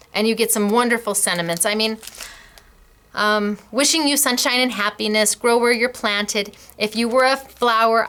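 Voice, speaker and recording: A middle-aged woman hosting a craft class, chatting warmly and gushing over samples, laughing often. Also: a little high. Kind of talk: casual product demo.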